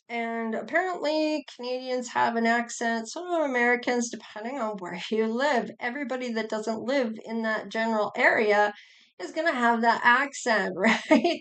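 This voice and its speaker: A middle-aged woman giving a casual tarot reading, chatty and rambling, with sighs and small laughs. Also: on the high side. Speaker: tarot reader.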